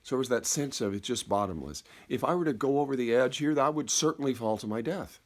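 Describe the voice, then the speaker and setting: A man telling a personal story in a slow, reflective way, halting and repeating words and dropping softer at key moments. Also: medium pitch, animated. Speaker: speaker.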